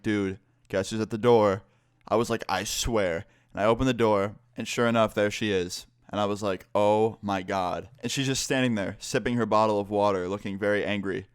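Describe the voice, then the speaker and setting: A young man tells a personal story in a casual vlog, exasperated and quick to swear. His voice sits on the low side and comes through smooth and clean. The sound is dry and close, with no room around it. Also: dry recording.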